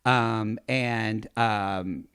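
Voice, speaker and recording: A man's voice: on the low side, steady tone, very slow, fairly bright tone, smooth, no room sound, clean studio sound. A man hosting a podcast, telling a story in casual chat and acting out what other people said. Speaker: podcast host.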